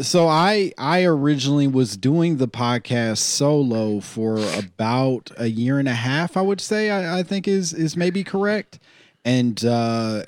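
A man's voice: mid-range voice, a little mellow, no echo. Dry-voiced male podcast host, casual, stop-start delivery. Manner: halting, with frequent restarts and laughs. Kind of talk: casual chat.

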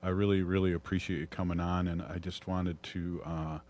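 Deep-voiced Minnesotan man, halting and reflective. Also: little pitch movement, darkish tone. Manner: halting, with many pauses and fillers. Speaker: host. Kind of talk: reflective podcast conversation.

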